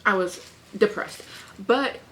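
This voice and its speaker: A young woman in her twenties chatting excitedly to her viewers at home for a casual reading vlog. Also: mid-range voice, slow, background noise. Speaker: book vlogger.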